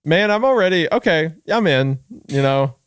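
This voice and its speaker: A man co-hosting a casual horror podcast, chatting with laughs and reading story narration aloud in a lower, hushed voice. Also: expressive, moderate pace, clean tone, no room sound, studio quality.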